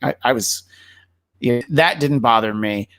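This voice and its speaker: A man's voice: medium pitch, unhurried, fairly bright tone, no room sound. A man hosting a podcast, chatting casually about movies and often stumbling over his words in restarts. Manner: hesitant, many restarts and fillers. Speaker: podcast host.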